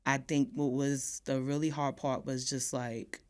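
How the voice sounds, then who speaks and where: A woman who is a podcast guest, telling a personal story in a casual way, acting out what people said and often trailing off softly. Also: a bass voice, flat delivery, a little slow.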